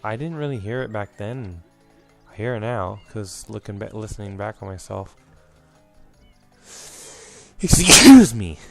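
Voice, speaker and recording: A young man hosting a let's play, rambling and reminiscing through his commentary with lots of fillers, a bit out of breath. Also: fairly low pitch.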